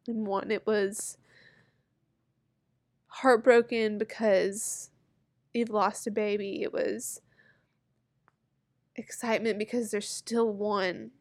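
A woman in her thirties telling a personal story to camera, halting and heartfelt, close to tears. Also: medium pitch. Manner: halting, heartfelt, many pauses and fillers. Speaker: vlogger.

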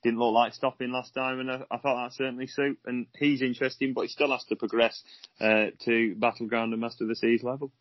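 A young man co-hosting a racing podcast, chatting in a relaxed way and thinking aloud with fillers. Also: medium pitch, fairly quick, no echo, muffled recording. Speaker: racing tipster co-host. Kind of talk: casual racing podcast chat.

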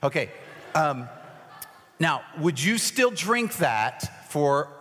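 A man's voice: a little high, very animated, slow pace, bright, forceful tone. A man preaching in a large hall, his voice trailing off into a long reverb. He talks in a casual, joking way and makes fun of himself while bringing volunteers up front. His voice is a little cracked. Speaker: pastor. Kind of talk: sermon with a live object lesson.

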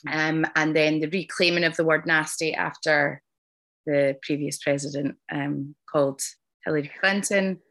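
A woman's voice: low voice, steady tone, normal speed, fairly bright tone. A woman hosting a podcast interview, talking earnestly and effusively with many ums and restarts. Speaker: podcast host. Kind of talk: casual interview chat.

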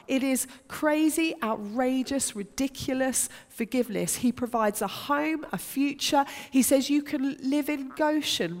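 Lady preaching, kinda high voice, earnest and punchy, big echoey hall. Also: a little mellow. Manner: earnest, emphatic, with rhetorical questions. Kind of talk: sermon. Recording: long hall reverb.

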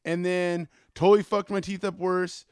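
A man's voice: high-pitched, little pitch movement, moderate pace, smooth, dry recording. A man hosting a podcast, telling rambling stories in a casual, profane monologue into a close mic. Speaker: podcast host.

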